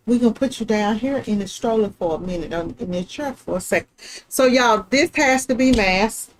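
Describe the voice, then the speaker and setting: A woman's voice: on the high side, normal speed, rough recording. A middle-aged woman, hosting a live print-shop stream in a chatty, folksy way and talking straight to her viewers. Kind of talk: casual live craft demonstration.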